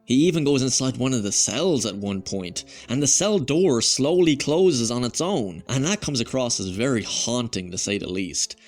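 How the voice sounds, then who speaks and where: Guy doing a casual review, chatty and musing, mid-pitched voice, faint music under it. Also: expressive, normal speed, hardly any pauses. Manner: chatty, musing, with conversational asides. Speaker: video reviewer.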